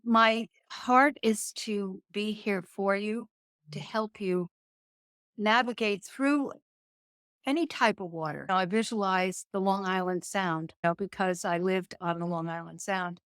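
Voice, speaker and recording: A woman's voice: medium pitch, unhurried, a bit bright, clean tone, no echo. A woman speaking as a podcast guest, with an earnest, motivational delivery. She takes her time over the words she wants to land. Her voice sits in a middle register and is recorded close and dry. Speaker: guest entrepreneur. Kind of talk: faith-based business interview.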